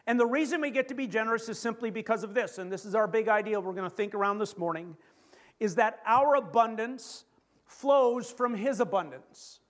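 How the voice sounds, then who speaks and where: Man, Canadian accent, high-pitched, preaching, emphatic pauses, rhetorical questions. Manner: lively preaching with rhetorical questions and stressed slow phrases. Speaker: pastor. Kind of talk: sermon.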